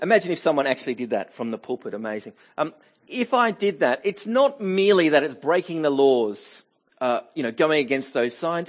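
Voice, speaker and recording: A middle-aged man preaches a sermon in a church, his voice pitched a little high for a man. He talks conversationally, often pausing with fillers and starting phrases over. The recording sounds somewhat dull and lo-fi. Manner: conversational, with frequent fillers and restarts. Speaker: pastor.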